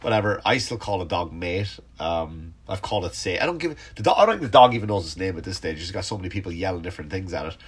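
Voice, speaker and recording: A man's voice: sits low, animated, fast talker, few pauses, breathy edge. Congested man, rambling comic monologue. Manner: rambling, profane, self-interrupting. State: congested, sniffly. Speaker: stand-up comedian hosting a podcast.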